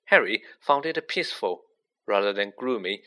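A man reading a storybook aloud as narrator, with an expressive, varied delivery. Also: lowish voice, normal speed. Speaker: audiobook reader.

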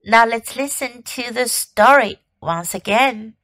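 A woman teaching young children English through a story, in an animated, sing-song, coaxing way. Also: on the high side, slow pace, no echo. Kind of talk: bilingual children's story lesson.

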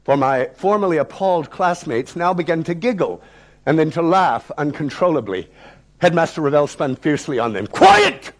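Man, 60s, theatre director, dramatic storytelling, declamatory, slightly high voice, stage talk. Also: expressive, moderate pace. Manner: dramatic, declamatory, sweeping shifts in loudness. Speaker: theatre director and solo performer.

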